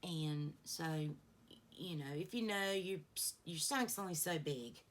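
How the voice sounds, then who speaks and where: A middle-aged woman with a thick drawl, talking in a deep, unhurried voice. She chats casually through her makeup routine, wandering off into long stories full of asides. Faint background hiss sits under her voice. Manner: rambling, chatty storytelling with many asides. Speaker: beauty vlogger. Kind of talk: casual get-ready-with-me chat.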